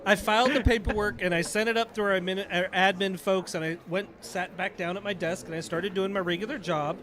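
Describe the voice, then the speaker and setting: A man's voice: high voice, fairly even intonation, a little fast, a bit bright. A middle-aged man, a retired Navy chief, casually telling a story on a podcast and acting out the dialogue.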